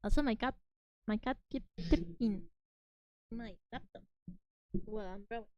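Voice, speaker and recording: A woman whose first language is Spanish, chatting casually while streaming live as a VTuber from home. She talks in an excitable, giggly way and often apologizes. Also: on the high side, moderate pace, dull audio.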